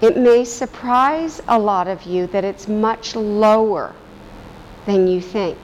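A woman teacher guides a vocal meditation at an unhurried, deliberate pace, her instructions calm and gentle. Her voice sits at an ordinary middle pitch and carries a long, lingering reverb, with faint ambient noise underneath. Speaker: voice and breath teacher.

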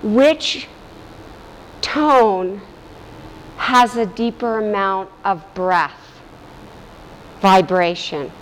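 A woman teacher leading a guided vocal meditation in a calm, gently instructive way. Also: mid-range voice, drawn-out words, pauses often, long reverb tail, a little hiss or hum, low-quality recording. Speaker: voice and breath teacher.

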